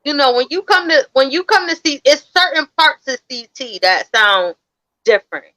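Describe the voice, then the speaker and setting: A woman's voice: high voice, animated, normal speed, sharp tone, no echo, poor audio. A woman from Connecticut co-hosting a podcast, easygoing and explaining things with repeated phrases. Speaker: podcast co-host. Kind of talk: casual chat.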